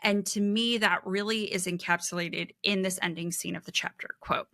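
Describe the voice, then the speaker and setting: A woman co-hosting a book podcast, explaining themes in a measured way and reading quotes aloud. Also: mid-range voice, steady tone, bright, forceful tone, dry recording, studio quality. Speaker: podcast co-host. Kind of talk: casual book discussion.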